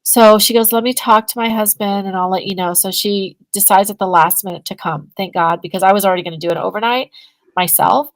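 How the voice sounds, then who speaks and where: A woman, a guest on a podcast interview, telling a story in a casual, animated way and acting out both sides of the conversations. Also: medium pitch, fairly quick, no echo, poor audio. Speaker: guest, energy healing business owner.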